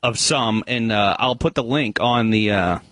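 A man's voice: fairly low pitch, a little slow, fairly bright tone, no room sound. A man who is a regular on a radio show, sharing a story hesitantly with frequent fillers and restarts. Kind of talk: casual radio chat. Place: radio studio. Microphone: studio microphone.

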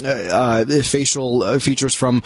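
A man's voice: mid-range voice, measured pace. A man talking about movies on a radio show, chatty and full of restarts. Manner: talkative, many restarts and fillers. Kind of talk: casual radio chat. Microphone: studio mic.

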